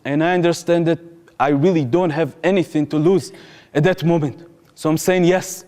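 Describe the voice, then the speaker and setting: A man in his thirties, his voice sitting high for a man, speaks earnestly to a crowd. His slightly phrasing carries the story along. A long reverb from the large hall hangs on every word. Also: fairly even intonation, normal speed, darkish tone. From Israel. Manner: earnest, vivid, slightly non-native phrasing. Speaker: public speaker, former soldier. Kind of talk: personal storytelling talk.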